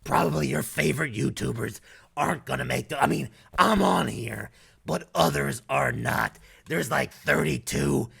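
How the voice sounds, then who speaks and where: Gravelly Southern man, crude and blunt. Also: medium pitch, normal speed, a bit bright. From North Carolina, US. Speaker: YouTuber. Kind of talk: casual ranking commentary.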